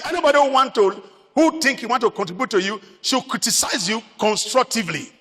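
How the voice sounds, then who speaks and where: A man's voice: very high-pitched, brisk, sharp tone, long reverb tail. A Nigerian man preaching a sermon as pastor, emphatic, repeating his phrases.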